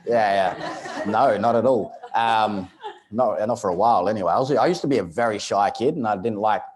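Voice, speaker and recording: A man's voice: fairly low pitch, moderate pace, crowd noise. A man in his thirties with a South Australian accent, telling funny stories as a guest speaker to a live audience, chatty with lots of restarts. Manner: joking, chatty, with many restarts and chuckles. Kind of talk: humorous storytelling talk to a live audience. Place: studio event space.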